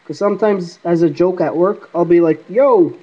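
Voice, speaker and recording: A paranormal app vlogger rambles casually to the camera, talking back to unseen spirits. His voice is high-pitched, mellow, and fairly even in intonation, and he speaks briskly. The recording, from an iPod camera mic, sounds dull and lo-fi.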